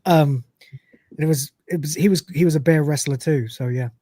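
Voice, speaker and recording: A man's voice: fairly high pitch, normal speed, mellow, no room sound. Chatty man rambling through a recap. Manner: chatty, rambling, laughs often. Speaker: podcast host. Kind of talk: casual episode recap.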